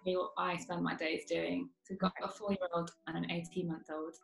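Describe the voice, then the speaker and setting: A woman's voice: lowish voice, level tone, brisk, gravelly, soft background music. A woman who is a youth worker and mother of two small children, chatting in an easygoing way. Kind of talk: casual conversation. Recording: echoey room.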